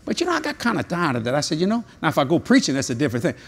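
An older man preaching a humorous sermon at a convention, telling jokey stories and breaking into sudden high-pitched exclamations. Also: wildly swooping pitch, rapid-fire, vocal fry. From New Orleans, Louisiana. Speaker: evangelist. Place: large convention hall.

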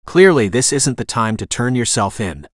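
A man's voice: mid-range voice, big pitch swings, normal speed, no room sound, studio quality. A man voicing a determined young woman who speaks in a lighter, raised, urgent voice.

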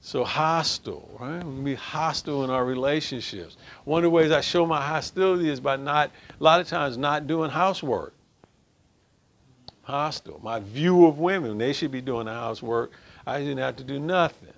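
A man's voice: medium pitch, normal speed, vocal fry. A man leading an informal group discussion on relationships as a counselor. He speaks emphatically and keeps checking in with "right?".

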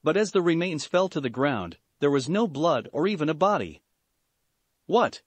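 A man narrating fan fiction aloud in a steady storytelling manner. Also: on the high side, a little fast, no echo.

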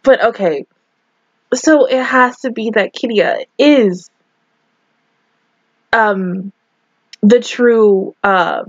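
A woman's voice: mid-range voice, dry recording, lo-fi sound. A woman reacting to an anime episode, emotional and swearing in disbelief as she talks it through.

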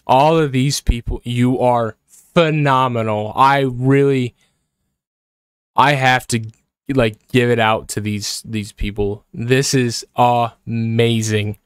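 A man's voice: medium pitch, clean tone, no echo, clean studio sound. A man commenting as he plays a horror game, jittery and repeating himself, breaking into frightened yelps. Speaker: gaming video creator.

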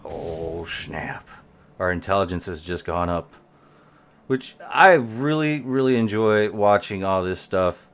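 A man's voice: lowish voice, animated, a little slow, slight background noise. A man giving rambling live gameplay commentary as a streamer, talking to his viewers while he plays. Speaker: game streamer.

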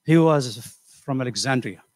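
An older man giving a motivational seminar, animated and conversational, asking the audience questions and acting out voices. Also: mid-range voice, normal speed, no room sound, clean studio sound. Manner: animated, acts out quoted voices. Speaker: seminar speaker. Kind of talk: motivational lecture. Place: community center hall.

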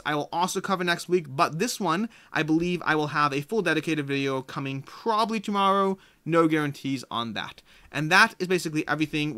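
Male board game host, casual chat, bright forceful voice, slightly high. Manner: chatty, storytelling. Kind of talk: casual video talk.

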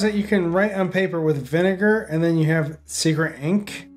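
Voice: medium pitch, normal speed, faint music behind. A gaming YouTuber reading every character's lines aloud in a nearly plain voice. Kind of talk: reading game dialogue aloud.

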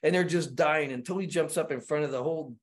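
Animated, rather high-voiced male storyteller. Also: quick pace. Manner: animated, with many repeated words and acted-out quotes. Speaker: guest screenwriter. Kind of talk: casual storytelling on a podcast.

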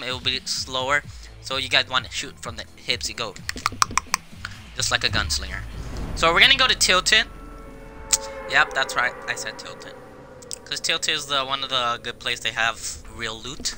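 A young man with a mid-range voice narrates his own gameplay video in a casual, excitable way, swearing often and lurching from loud outbursts to quiet mumbles. He's a gaming video creator, recorded on a face camera while he plays.

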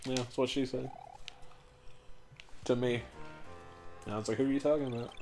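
A man's voice: mid-range voice, fairly even intonation, moderate pace, darkish tone, faint music behind. A young man co-hosting a let's play, chatting casually, rambling and swearing, laughing as he tells stories. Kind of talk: casual gaming chat.

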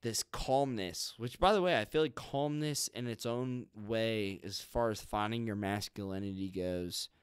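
A man with a smooth, clear voice talks as a podcast guest, recorded close and dry. He chats casually, agrees readily and speaks with enthusiasm. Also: fairly low pitch, no echo. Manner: agreeable, enthusiastic, quick to affirm. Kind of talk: casual chat.

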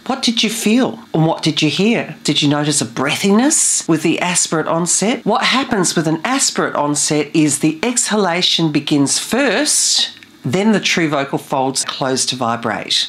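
A woman vocal coach giving a clear, methodical lesson and explaining each step carefully. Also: low-pitched, sing-song, measured pace, fairly bright tone. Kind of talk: scripted teaching.

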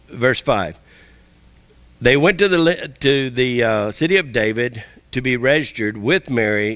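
A pastor giving a sermon, reading verses aloud and explaining them in plain, earnest words. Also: male voice, fairly bright tone, no room sound. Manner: plain-spoken, rising in pitch as he preaches, with restarts.

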